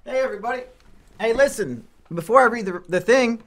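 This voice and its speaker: High-voiced, foul-mouthed host. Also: male voice, a little fast. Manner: crude, profane, joking banter. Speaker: podcast host. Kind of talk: casual chat while gaming.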